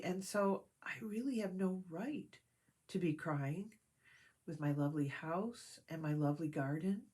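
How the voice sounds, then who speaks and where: A woman reading the part of a tearful little male teddy bear in a storybook, speaking softly and sadly. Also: on the low side, husky. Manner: soft, tearful and hushed.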